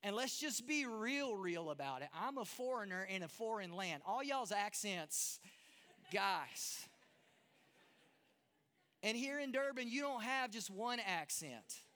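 A Texan pastor delivers a casual, self-deprecating sermon, often restarting words as he goes. His voice sits high and bright. A long reverb trails it through a large church hall. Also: expressive, unhurried. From Texas.

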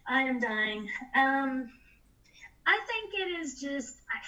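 Higher bright voiced woman, earnest and emotional, casual film talk. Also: very animated, poor audio. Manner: emotional, earnest, quick to laugh. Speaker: podcast co-host.

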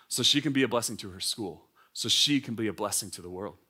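A man in his thirties, a pastor, preaching a lively, conversational sermon at a church service with frequent fillers and restarts. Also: on the low side, quick pace, breathy edge. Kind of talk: sermon to young adults.

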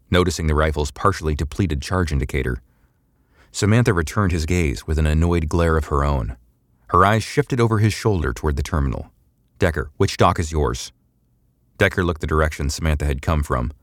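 A man narrating a sci-fi audiobook in a steady, measured storytelling voice, close to a studio mic. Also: very deep voice, dry recording.

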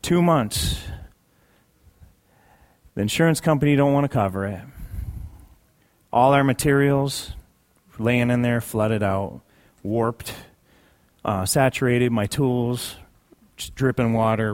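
A man's voice: medium pitch, takes it slowly, long pauses. A man sharing a personal testimony in a sermon, conversational and emphatic, repeating key phrases for weight. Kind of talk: sermon storytelling.

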